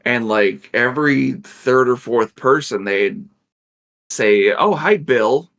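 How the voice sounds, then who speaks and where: Male podcast co-host, gravelly, mid pitch, animated storyteller who laughs a lot. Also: takes it slowly. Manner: animated storyteller acting out voices in his anecdotes; laughs often. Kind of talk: casual chat, storytelling.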